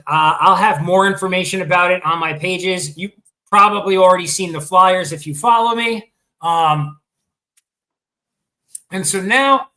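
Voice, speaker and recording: Sports show host, male, high pitched, bright tone, rambling casual delivery, fighting off hiccups. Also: low-quality recording. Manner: chatty, hesitant with many ums and restarts. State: has the hiccups.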